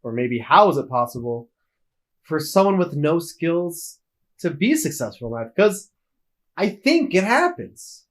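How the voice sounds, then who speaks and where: Male podcast co-host, higher-pitched, chatty and quick to laugh. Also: very animated. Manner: chatty, laughs often, nitpicking. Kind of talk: casual film discussion.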